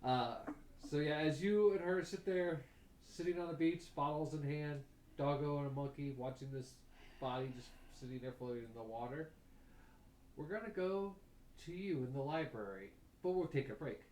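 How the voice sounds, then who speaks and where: A man's voice: a little high, moderate pace, darkish tone, a little hiss or hum. A man running a tabletop game as game master, telling gory scenes with vivid detail and chuckles. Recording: echoey room.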